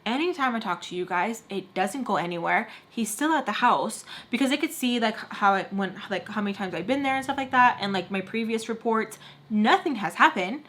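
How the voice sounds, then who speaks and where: A woman's voice: a little high, fairly quick. A young adult woman vlogger telling a personal story in a casual, chatty way, full of fillers, with a blunt, frustrated edge. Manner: chatty, filler-heavy, animated retelling. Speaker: beauty vlogger.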